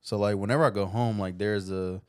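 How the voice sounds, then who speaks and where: A man's voice: fairly low pitch, steady tone, fairly quick, darkish tone, smooth, no room sound, studio quality. A man with Michigan roots who grew up in the South, co-hosting a casual podcast chat in an easygoing, hesitant way. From Michigan roots, raised in the South. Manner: easygoing, hesitant, many fillers. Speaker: podcast co-host.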